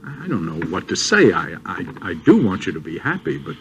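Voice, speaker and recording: A gentle, deep-voiced worried father. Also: very animated, moderate pace, vocal fry, a little hiss or hum, full character voice. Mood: tender. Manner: gentle, hesitant, tender. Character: loving worried father of a grown daughter. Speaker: soap opera actor. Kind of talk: 1980s TV soap acting.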